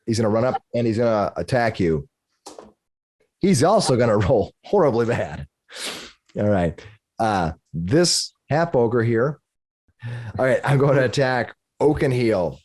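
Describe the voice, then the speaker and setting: Animated man running a tabletop game. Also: medium pitch, measured pace, pauses often. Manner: animated, narrates the monsters' actions with relish. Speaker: dungeon master.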